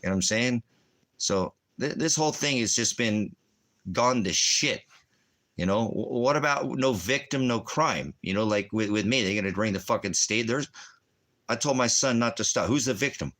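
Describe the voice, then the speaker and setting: A man's voice: mid-range voice, normal speed, a bit bright. A man, a military veteran, delivering an angry, profane, rambling rant. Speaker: veteran ranting.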